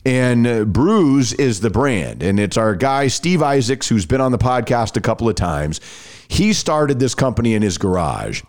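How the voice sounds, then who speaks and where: Animated man co-hosting sports talk. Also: mid-range voice, moderate pace. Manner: animated, repeats words when starting sentences. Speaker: podcast co-host. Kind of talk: casual sports talk and ad reads.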